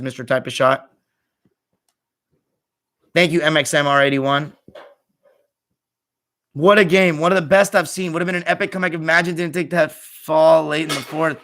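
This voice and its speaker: A young American guy hosts a live stream, reading chat comments in a weary, offhand manner, his phrases fading quietly at the ends. His pitch is fairly high and his tone steady. He talks at a normal speed with frequent pauses.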